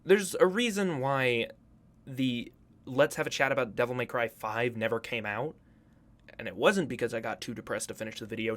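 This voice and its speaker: A man's voice: mid-range voice, moderate pace, a bit bright. A man hosting a casual commentary video, profane, joking and hyperbolic. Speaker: YouTube host.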